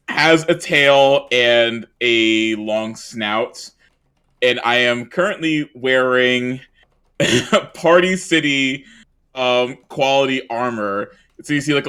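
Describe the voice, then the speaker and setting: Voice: medium pitch, a bit bright, clear, resonant tone. Player, mid voice, eager and rambling. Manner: eager, rambling description with fillers. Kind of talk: casual tabletop role-play.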